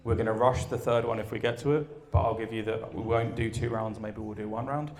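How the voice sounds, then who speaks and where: A man speaking at a live event, telling a story and asking his audience questions in an energetic way, then taking questions. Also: fairly low pitch, brisk. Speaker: conference speaker. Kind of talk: live talk and Q and A.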